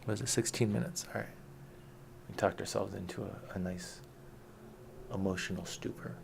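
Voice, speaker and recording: A middle-aged man with a low, heavily gravelly voice rants in a casual vlog. He is profane, combative and mocking. A faint hiss sits under the recording. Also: fairly even intonation, normal speed. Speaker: vlogger. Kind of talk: unscripted rant.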